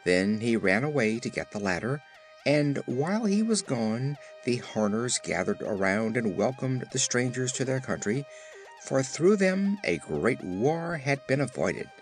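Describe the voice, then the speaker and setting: A man narrating an audiobook with expressive storytelling. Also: mid-range voice, measured pace, soft background music. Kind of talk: scripted narration.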